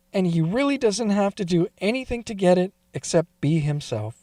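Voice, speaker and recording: A man's voice: high voice, warm tone, no room sound, studio quality. A man telling a first-person confessional story in a confiding, emotional way that wavers toward tears.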